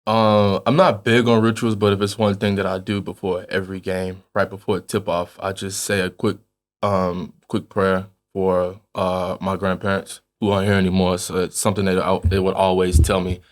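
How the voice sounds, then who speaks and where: Man, basketball player, interview guest, low voice, relaxed. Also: normal speed. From Southern United States. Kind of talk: casual interview chat.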